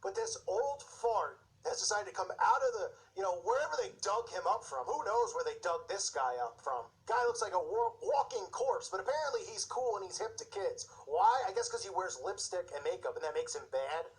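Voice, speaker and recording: A man's voice: high-pitched, animated, normal speed, few pauses, rough recording. Fired-up sarcastic man. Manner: fired-up, sarcastic, mocking impressions. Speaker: Christian commentator. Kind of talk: impassioned video commentary.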